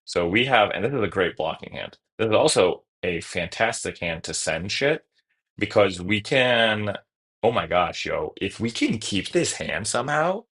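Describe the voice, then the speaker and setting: Low-voiced man thinking aloud over a card game. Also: fairly bright tone, poor audio. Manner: thinks aloud through each move, casual, trailing restarts. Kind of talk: live-stream gameplay commentary.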